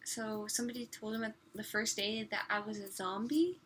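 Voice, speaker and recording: A woman's voice: mid-range voice, moderate pace. Chatty young woman telling stories. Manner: chatty storyteller with a soft, easy delivery. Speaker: summer youth missionary. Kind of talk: casual chat, storytelling.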